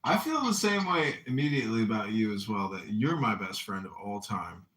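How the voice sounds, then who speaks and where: A man's voice: on the low side, very animated, a little fast, a bit bright, reverberant. A man hosting a casual live chat with a caller, teasing her with mock-sincere, jokey banter. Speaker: host.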